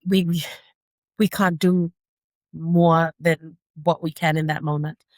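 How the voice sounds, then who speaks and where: A mother speaking earnestly as a podcast guest, reflective and frank, at times echoing questions in a higher voice. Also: flat delivery, slow pace. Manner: earnest, reflective, often acts out her son's repeated questions in a higher voice. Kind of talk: candid interview conversation.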